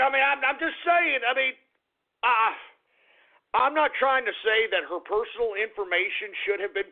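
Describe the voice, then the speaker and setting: A man's voice: extremely high pitch, creaky. A man hosting a radio show, ranting crudely with a lot of profanity. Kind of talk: call-in radio rant. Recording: narrow phone-like radio audio.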